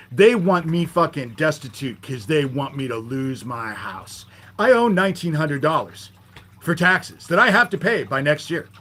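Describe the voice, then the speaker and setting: A man in a heated, profanity-laced livestream rant, his voice sitting a bit higher than most men's. He jabs sarcastically at the people in his chat and keeps tacking "you know?" onto the end of his points. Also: a bit bright. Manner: irritated, profane, confrontational; sarcastic toward chat commenters. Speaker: livestream host. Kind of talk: live-stream rant.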